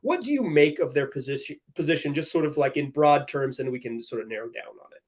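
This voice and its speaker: A man's voice: on the high side, fast. A young man hosting a sports podcast, telling stories energetically and laughing as he goes. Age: young adult. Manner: energetic, animated, laughing storyteller. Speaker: podcast host. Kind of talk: casual sports podcast chat.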